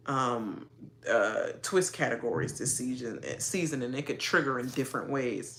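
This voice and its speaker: A woman giving a casual reaction rant about a reality show, sassy and animated, often laughing at her own jokes. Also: deep voice.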